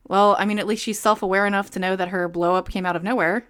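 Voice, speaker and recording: A woman's voice: medium pitch, fairly even intonation, fast, hardly any pauses, a bit bright. A young woman reading a book aloud and breaking in with sarcastic, exasperated comments. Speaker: book reviewer.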